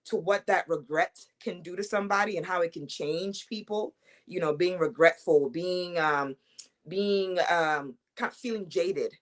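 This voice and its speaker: Young woman wrestler, lower voice, confident trash talk, casual interview. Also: measured pace. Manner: confident, trash-talking, with fillers and repeats. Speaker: wrestler and champion guest.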